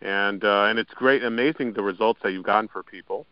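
A man hosting an interview, talking in a halting way with many fillers and short replies. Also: on the low side, no echo. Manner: halting, full of "you know" and backchannels. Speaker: podcast host. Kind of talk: interview conversation. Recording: dry, dull lo-fi audio.

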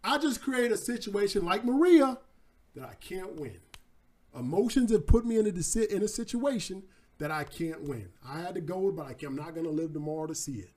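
A man doing a greedy excitable king. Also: very high voice, a little fast. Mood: despairing. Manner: slangy, frantic exclamations.

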